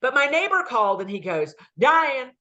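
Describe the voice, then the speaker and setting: A woman's voice: mid-range voice, moderate pace. A woman career consultant giving advice in an online chat, telling stories and acting out the dialogue in them. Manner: lively storyteller who acts out dialogue. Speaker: career consultant, guest speaker. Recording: dull lo-fi audio.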